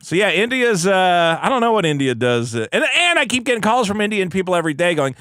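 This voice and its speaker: A man co-hosting a comedy podcast, riffing in an animated way and often slipping into mocking impressions. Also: high voice, fast talker, no room sound, studio quality. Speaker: podcast co-host.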